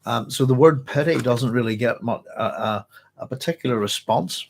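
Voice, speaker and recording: A hoarse man hosting a book club, chatting casually and reading passages aloud with rambling self-corrections. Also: medium pitch, normal speed, slight background noise. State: hoarse, clearing his throat.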